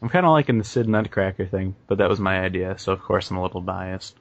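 Man, low voice, cocky joking podcast banter, muffled dry sound. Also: quick pace, no echo. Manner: joking, self-assured banter. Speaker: podcast co-host. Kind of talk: casual chat.

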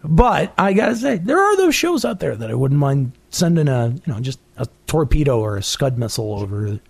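A man's voice: mid-range voice, sing-song, brisk, gravelly, breathy edge. A man hosting a casual podcast, joking with guests and often stumbling over repeated words. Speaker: podcast host.

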